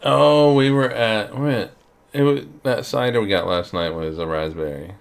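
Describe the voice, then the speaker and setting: A middle-aged man co-hosting a casual podcast, rambling and halting with fillers. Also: lowish voice, gravelly. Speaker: podcast co-host. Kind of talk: casual chat.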